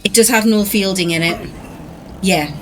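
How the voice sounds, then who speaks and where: A woman's voice: medium pitch, normal speed, background noise. A woman streamer from England in casual, enthusiastic chat. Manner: chatty, enthusiastic.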